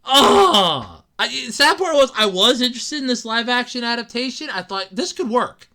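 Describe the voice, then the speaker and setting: A woman hosting a podcast, delivering an excitable, swearing, comedic rant with frequent laughs. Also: a little high, moderate pace. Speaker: podcast host. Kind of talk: ranting comedic podcast monologue.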